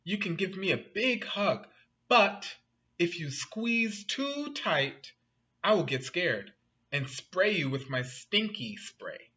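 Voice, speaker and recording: Friendly, jumpy storybook skunk, read by a man, raised and bright. Dull lo-fi recording. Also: high voice, big pitch swings, takes it slowly, voice pushed up, exaggerated voice. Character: friendly male skunk, quick to get scared.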